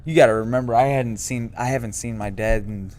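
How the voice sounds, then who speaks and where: A man's voice: medium pitch, steady tone, a little fast, a little mellow. A man from St. Louis, Missouri, co-hosting a podcast in casual, profane, emphatic chat. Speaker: podcast co-host.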